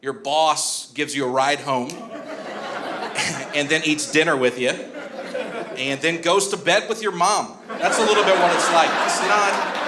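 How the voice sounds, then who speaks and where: A man's voice: a little high, background noise. A man in his twenties performing a stand-up comedy set, chatty and laughing through his jokes while he works the crowd. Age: 20s. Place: comedy club stage.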